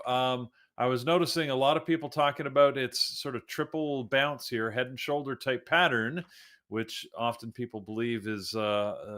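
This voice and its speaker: A man's voice: mid-range voice, a bit bright. A man hosting a live trading show, talking through stock moves in a loose, thinking-aloud way with plenty of fillers. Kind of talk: live market commentary.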